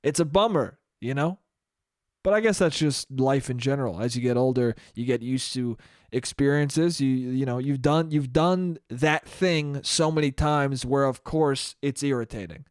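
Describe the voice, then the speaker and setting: This young solo podcast host has a mid-range voice and speaks at normal speed, recorded in studio quality with no echo. He rambles along, swearing casually, poking fun at himself and frequently breaking into laughter.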